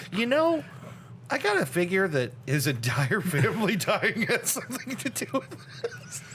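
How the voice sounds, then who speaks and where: Joking man, quick to laugh. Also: sits high, huge pitch swings, a bit bright, a little hiss or hum. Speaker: podcast co-host. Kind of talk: casual chat.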